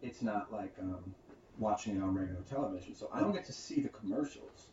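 A man co-hosting a casual comedy podcast, animated and swearing freely as he acts out other people. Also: fairly low pitch, a little fast, roomy sound, slight background noise. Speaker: podcast co-host. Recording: dull lo-fi podcast audio.

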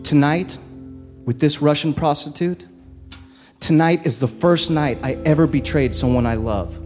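A man whose voice sits on the high side tells a personal story live on stage, taking it slowly and deliberately with dramatic pauses. Long hall reverb surrounds him while soft guitar accompanies.

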